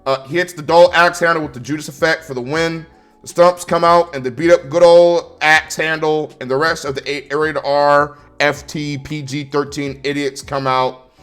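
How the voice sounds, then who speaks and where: A man's voice: on the high side, steady tone, normal speed, a bit bright, smooth, faint music behind. A man ranting through a wrestling show review, angry and sarcastic, swearing constantly.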